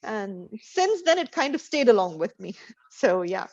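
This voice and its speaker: A woman in her forties from India, an English tutor whose Indian English carries American-trained tones, talking in a chatty, expressive way with frequent laughs. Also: medium pitch, unhurried, no echo. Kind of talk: casual online conversation practice. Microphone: video call. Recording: dry lo-fi video call audio.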